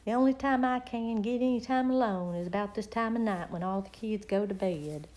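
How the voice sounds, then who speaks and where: A woman's voice: mid-range voice, a little fast, a little mellow. A middle-aged woman, chatting casually and rambling with viewers on her live stream.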